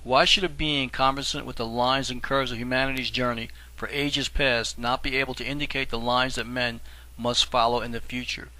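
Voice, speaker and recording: A man voicing an aged, scholarly guide who speaks softly and courteously in an audiobook. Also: mid-range voice, level tone, low-quality recording. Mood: patient. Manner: soft, measured, polished. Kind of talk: audiobook reading.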